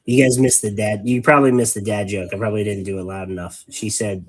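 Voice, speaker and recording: A man's voice: on the low side, steady tone, quick pace, hardly any pauses, low-quality recording. A man hosting a casual hobby stream while painting miniatures, rambling and wordy, making fun of himself. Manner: wordy, rambling, self-mocking. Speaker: host.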